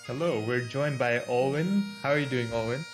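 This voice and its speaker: A man hosting a casual esports showcase stream, upbeat and quick to laugh. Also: medium pitch, over music. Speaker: host.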